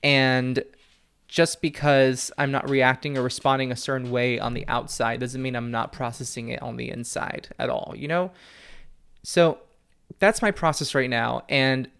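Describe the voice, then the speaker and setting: A young man hosting a solo podcast from home, talking candidly and earnestly, often with a soft laugh. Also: medium pitch, a little slow, creaky, clean tone. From family from Peru. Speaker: podcast host, psychic medium. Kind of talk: reflective solo podcast talk. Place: at home with his dog.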